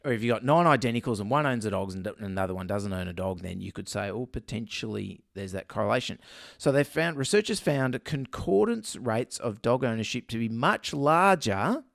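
A man co-hosts a relaxed vet podcast, joking around and reading articles aloud with plenty of ums. His voice is mid-pitched and sits dry and close, with no room echo. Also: brisk, gravelly, hardly any pauses. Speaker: veterinarian podcast co-host. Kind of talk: casual chat.

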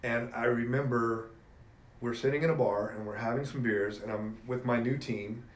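Animated middle-aged man in an echoey room. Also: mid-range voice, moderate pace. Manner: animated, emphatic storyteller. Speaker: podcast guest, jiu-jitsu black belt. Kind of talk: casual storytelling conversation. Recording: echoey room with faint ambient noise.

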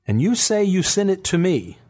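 A man's voice: high-pitched, big pitch swings, normal speed, voice pushed up. Man putting on an impatient, defiant woman artist. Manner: sharp, incredulous questioning.

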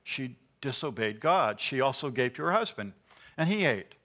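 A man's voice: medium pitch, lively intonation, moderate pace, sharp tone. A man preaching a sermon, teaching earnestly and asking his listeners rhetorical questions.

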